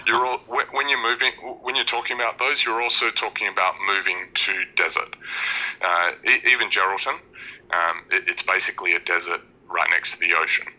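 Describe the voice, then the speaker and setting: A man's voice: low-pitched, brisk, bright, forceful tone, poor audio. An Australian man in his thirties, calling in to a show and chatting casually in a laid-back, explaining way. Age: 30s. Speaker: caller. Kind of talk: casual call-in chat.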